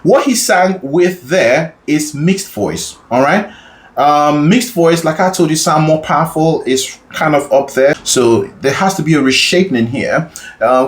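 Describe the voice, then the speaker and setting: A male singing teacher explaining vocal registers patiently, often checking in with his listeners as he goes. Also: mid-range voice. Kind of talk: instructional explanation.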